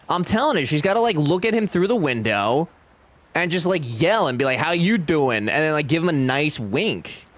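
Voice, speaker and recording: A man's voice: fairly high pitch, fairly bright tone. A young man streaming a game live, chatting casually and animatedly with his chat and friends, swearing freely.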